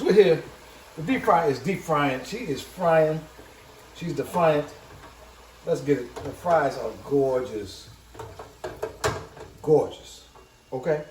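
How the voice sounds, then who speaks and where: A man's voice: on the high side, a little hiss or hum. A man hosting a casual cooking vlog in a home kitchen. He talks in a hyped, chatty way, repeats his catchphrases and calls his viewers cooks. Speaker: cooking vlogger. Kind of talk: casual cooking chat to camera. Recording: echoey room.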